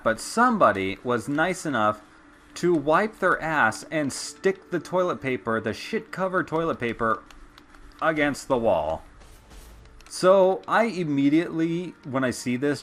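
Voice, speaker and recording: A young man talks over his gameplay in a chatty, animated way, his pitch swinging widely as he tells a story. His voice sits at an average pitch, and he swears loosely and casually. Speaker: gameplay streamer. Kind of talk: casual storytelling while gaming.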